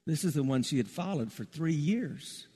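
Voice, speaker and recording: A middle-aged man preaching a sermon in a church, rising to loud emphatic peaks and dropping to soft, low asides. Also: lively intonation, normal speed, breathy edge. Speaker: pastor. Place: church sanctuary. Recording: long reverb of a large hall.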